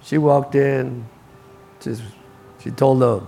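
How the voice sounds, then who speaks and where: A man's voice: medium pitch, fairly even intonation, slow, gravelly, warm tone. An older man preaching a sermon, telling stories and repeating key lines for emphasis.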